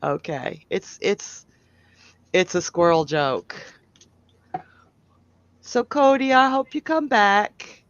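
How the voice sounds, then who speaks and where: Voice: mid-range voice, big pitch swings, slow pace, pauses often, fairly bright tone, highs cut off, a little hiss or hum. A psychic tarot reader hosting a live stream, chatty and blunt, giving readings to callers. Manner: chatty, giggly, blunt and opinionated.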